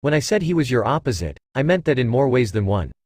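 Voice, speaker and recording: A man's voice: mid-range voice, big pitch swings, fast, a little mellow, dry recording, clean studio sound. A man reading as a flirtatious, purring female cat-demon. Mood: playful. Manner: purring, teasing.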